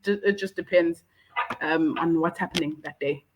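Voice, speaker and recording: A South African woman whose first language is Zulu, chatting warmly on a video call, lively and laughing often as she explains things. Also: on the low side, moderate pace, slight background noise, low-quality recording. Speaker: guest. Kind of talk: casual live chat.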